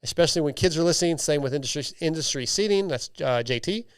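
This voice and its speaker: A man's voice: fairly high pitch, animated, fast, clean tone, no echo, clean studio sound. A man hosting a podcast, chatting casually and reading listener emails in a loose, joking way with lots of restarts. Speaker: podcast host.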